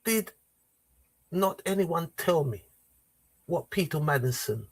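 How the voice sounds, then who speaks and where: A man's voice: fairly high pitch, lively intonation, slightly rough, pitched below the performer's own voice, full character voice. A man doing a stately indignant woman politician. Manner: slow, drawn-out, repeated questions.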